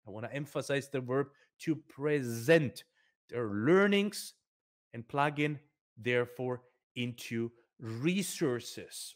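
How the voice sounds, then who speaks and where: A man's voice: on the high side, animated, takes it slowly. Emphatic foundation speaker, a man. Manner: emphatic, repeats words to stress them. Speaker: nonprofit foundation representative. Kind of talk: promotional talk.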